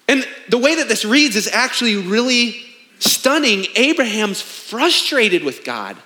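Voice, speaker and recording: Bright high-voiced man preaching. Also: big pitch swings, measured pace. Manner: emphatic and conversational, with rhetorical questions. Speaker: pastor. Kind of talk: sermon.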